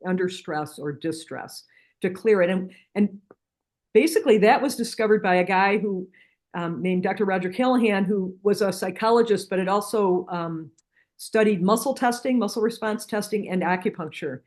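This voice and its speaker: A middle-aged woman speaks at an average pitch as a guest in a conversational interview. She explains a healing method in an earnest way. She often restarts her sentences and livens up her stories with retold dialogue. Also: moderate pace, a little mellow. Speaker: guest practitioner from a spiritual healing center.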